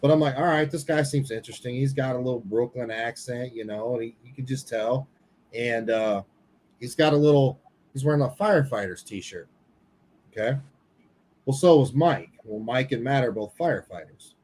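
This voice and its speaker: A man's voice: mid-range voice, moderate pace, a little mellow, poor audio. Male podcast co-host, mid-range voice, loose and candid storyteller. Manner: candid, swears casually, retells dialogue. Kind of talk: casual storytelling chat.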